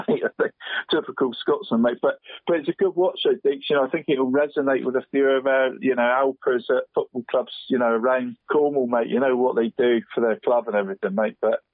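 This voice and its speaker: A man's voice: medium pitch, no echo. Chatty man on a tinny phone line. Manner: rambling, says "mate" constantly. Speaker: football pundit guest. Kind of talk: casual radio chat.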